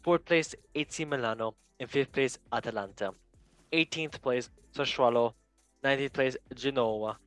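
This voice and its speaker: A man's voice: medium pitch, normal speed, fairly bright tone, no echo, faint music behind. A young man hosting a casual sports podcast, chatty and enthusiastic with plenty of slang. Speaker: podcast host.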